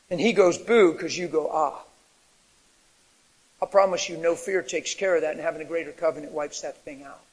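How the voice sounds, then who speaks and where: A man preaching a sermon in an animated way, rising to shouts at his peaks. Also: on the high side. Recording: long reverb of a large hall.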